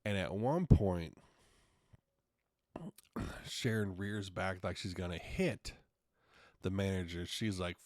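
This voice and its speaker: Deep-voiced man telling stories, frank and profane. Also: takes it slowly, long pauses, a little mellow, no room sound, studio quality. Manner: frank, profane, acts out quotes in retelling. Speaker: podcast host. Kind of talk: casual solo storytelling.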